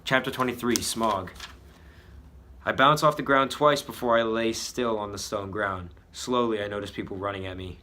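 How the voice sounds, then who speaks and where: A man's voice: fairly low pitch, fairly even intonation, normal speed, pushed and bright. A man reading a story he wrote as a child, joking about the spelling and the drawings as he goes. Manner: mocking his own old writing. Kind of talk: comedic read-aloud with commentary.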